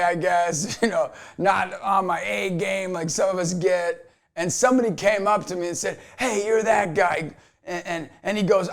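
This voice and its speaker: A man giving a motivational faith talk who tells a personal story with laughs, then builds into loud, slow preaching. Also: high voice. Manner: builds from quiet asides to shouted preaching. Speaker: Catholic evangelist speaker.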